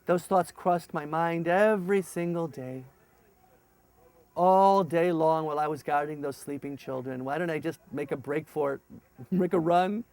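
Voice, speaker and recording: A man's voice: on the high side, normal speed. A middle-aged man, a former paratrooper officer telling his story and acting out dialogue. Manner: animated, acts out dialogue in raised voices. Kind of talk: storytelling testimony.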